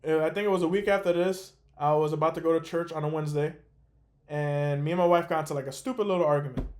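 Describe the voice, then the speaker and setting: A young man hosting a call, telling a story in a casual, animated way with lots of fillers. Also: a little high, fast. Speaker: host.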